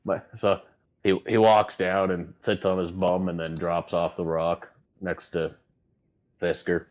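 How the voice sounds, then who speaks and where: Give me a deep-voiced man narrating a tabletop game, relaxed and chatty, on a dull mic. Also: a little slow. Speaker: game master.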